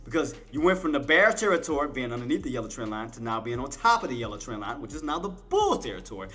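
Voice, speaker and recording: A man streaming live trading commentary, coaxing and trash-talking the chart, shifting between low muttering and loud playful outbursts. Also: very animated, quick pace, soft background music. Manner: coaxes and taunts the price chart, swinging from muttering to loud outbursts; playful trash talk with laughter.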